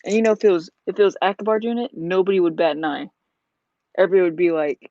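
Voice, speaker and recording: Rambling hobby vlogger, mid pitch, filler-heavy casual chat, dull lo-fi recording. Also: quick pace, a little mellow, no room sound. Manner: rambling, lots of "like" and "you know". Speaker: vlogger building a model. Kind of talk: casual chat while building. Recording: dull lo-fi sound.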